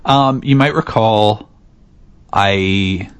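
Man, podcast co-host, casual rambling chat, teasing, very deep lively pitch, dry close sound. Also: extremely slow, clear, resonant tone, no room sound. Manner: rambling, teasing, many fillers.

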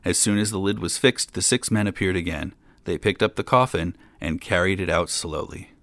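A man reading a fairy tale aloud in a calm, steady storytelling manner. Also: sits low, normal speed, no room sound.

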